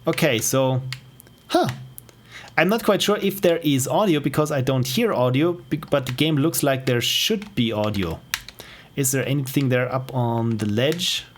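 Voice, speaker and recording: A man's voice: medium pitch, expressive, measured pace, a little hiss or hum. Curious Austrian man thinking aloud. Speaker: streamer playing indie games. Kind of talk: live gameplay commentary. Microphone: wearing headphones.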